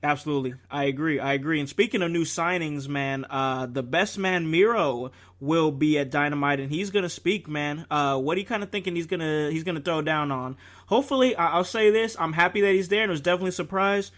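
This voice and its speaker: A man co-hosting a casual podcast, chiming in with quick agreements and bursts of laughter. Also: on the high side. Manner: chimes in with short agreements and loud laughter. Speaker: podcast co-host. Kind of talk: casual chat.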